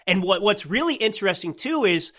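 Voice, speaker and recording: Bright-voiced man ranting on a podcast. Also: sits high, very animated, a little fast. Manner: rambling, emphatic, with restarts and asides. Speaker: podcast host. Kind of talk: casual political commentary monologue.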